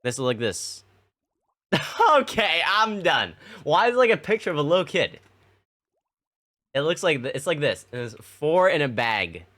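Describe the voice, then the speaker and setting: A man's voice: a little high, a little slow. A young man streaming, casually telling his chat childhood stories in a slangy, laughing way. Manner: animated, laughing, slangy storytelling with many restarts.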